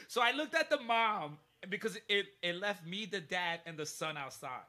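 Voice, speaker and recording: A man telling a story in casual chat, animated and profane, often laughing mid-sentence. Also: high voice, normal speed, hardly any pauses. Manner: animated, profane, laughs through his stories.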